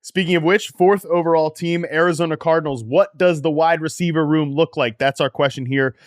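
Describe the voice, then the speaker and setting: A man's voice: fairly quick, no room sound, studio quality. A man co-hosting a fantasy football podcast, talking in a casual analytical way as he moves the conversation from team to team. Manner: energetic, runs the segments and pitches the questions. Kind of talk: casual sports analysis chat.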